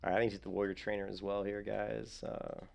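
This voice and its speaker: A man's voice: fairly low pitch, flat delivery, quick pace, creaky. A man streaming a video game, chatting casually to his viewers in a rambling, self-mocking way with frequent chuckles. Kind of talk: casual gameplay commentary.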